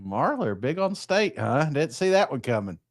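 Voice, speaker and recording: A man's voice: on the high side, very animated, moderate pace, dry recording, studio quality. A man co-hosting a casual sports podcast, joking and laughing often. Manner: laughs a lot, joking, playful. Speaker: podcast co-host.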